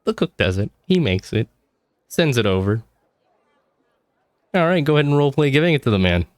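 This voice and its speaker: A man's voice: medium pitch, very animated, a little fast, no room sound. A man narrating as game master, teasing his players in a joking manner. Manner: joking, teasing, laughs often.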